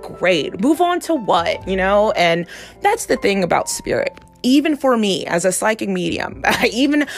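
A woman who is a psychic medium, talking candidly in a casual monologue, swearing freely and laughing often. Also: medium pitch. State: gets emotional, near tears. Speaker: psychic medium and podcast host.

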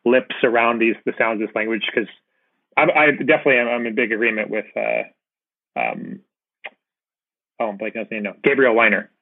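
A man hosting a conversational interview, speaking casually and agreeably, animated when he tells a story. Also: mid-range voice, a little fast, creaky, long pauses, no room sound. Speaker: podcast host. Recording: phone-like remote call audio.

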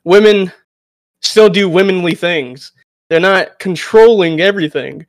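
Man, high voice, dry close sound, stumbling sarcastic article reading, podcast chat. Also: a little slow, no room sound. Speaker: podcast co-host. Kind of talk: reading an article aloud, then casual chat.

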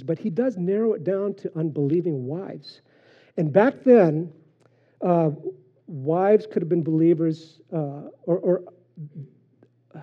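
A man preaching a sermon in a relaxed, conversational way, with frequent fillers and personal stories. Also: a little high, slightly rough. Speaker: pastor. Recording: dull lo-fi sermon recording.

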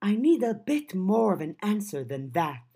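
A woman voicing a blunt, practical young woman who presses for answers, in a husky voice. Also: mid-range voice, big pitch swings, moderate pace, dark tone, pitched above the performer's own voice. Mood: questioning. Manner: direct, questioning.

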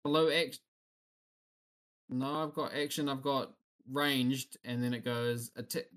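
Man, tabletop player, mid-pitched voice, thinks aloud over his options. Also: fairly even intonation, a little slow, a bit bright. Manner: thinks aloud while scrolling through options. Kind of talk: casual game talk.

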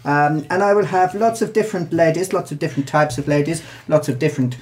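A man's voice: on the high side, fast, a little mellow, natural voice. A man doing a Mister T-style impression of a boastful pimp in improvised comic role-play. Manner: boastful, giggling at own jokes.

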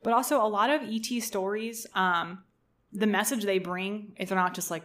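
Young woman on a podcast, chatty and jokey, swears a bit, kinda middle pitched. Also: fairly even intonation, moderate pace, fairly bright tone. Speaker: podcast co-host telling the story. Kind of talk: casual chat with storytelling.

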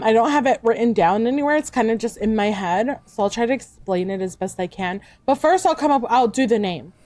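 A woman's voice: fairly high pitch, a little mellow, dry recording. Chatty woman with a dry close voice. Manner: chatty, rambling with fillers and restarts. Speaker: guest VTuber. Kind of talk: casual chat.

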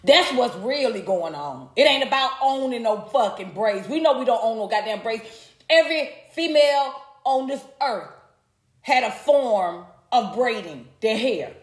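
A woman rants on a live stream, swearing freely and talking right to her viewers. Her voice sits fairly high. The room gives it a noticeable echo. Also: expressive, unhurried. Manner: heated, profane, talks straight to her viewers. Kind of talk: casual live-stream commentary. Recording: echoey room.

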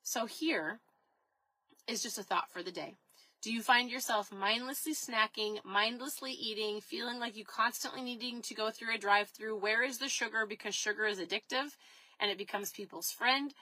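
A keto lifestyle vlogger in her thirties talks casually to the camera about diet, upbeat and peppering her viewers with questions. Her fairly high, sharp voice moves at a moderate pace, and the recording is dry and rough.

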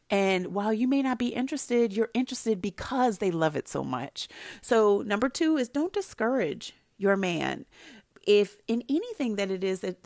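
A woman's voice: mid-range voice, no room sound, studio quality. Chatty woman giving marriage advice. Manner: animated, chatty storytelling. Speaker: relationship advice speaker. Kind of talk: casual advice talk to wives.

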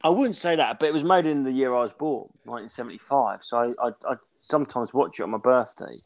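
A man in his forties, a podcast co-host, rambling and swearing as he tells animated stories in casual chat. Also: mid-range voice, fast talker. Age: 40s.

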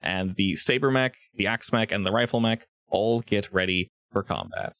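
A man's voice: on the low side, a bit bright, no room sound. A man running a tabletop role-playing game, narrating the scene and explaining rules in a chatty way. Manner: chatty, explains rules quickly, laughs often. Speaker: game master.

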